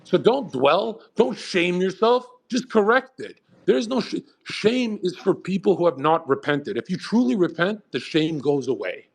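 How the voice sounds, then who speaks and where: A man's voice: high voice, animated, normal speed, creaky, hardly any pauses, slightly rough. A man hosting a live audio chat, giving blunt, profane pep talks and arguing with callers. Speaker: host. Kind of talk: motivational talk on a live audio room.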